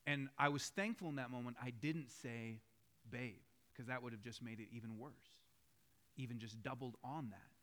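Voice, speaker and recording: A man in his thirties preaches a sermon in a church, mid-range pitch. He talks loosely and conversationally, telling stories and building up with animated, repeated questions. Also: moderate pace. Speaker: pastor.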